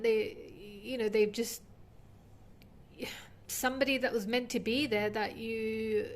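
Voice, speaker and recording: A woman giving an intuitive tarot reading to her viewers, earnest and heartfelt, rambling with many fillers. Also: on the high side. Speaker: tarot reader.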